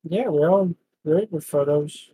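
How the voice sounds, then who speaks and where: A young man co-hosting a podcast, dropping short deadpan one-liners in casual chat. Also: on the high side, measured pace, husky, poor audio. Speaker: podcast co-host.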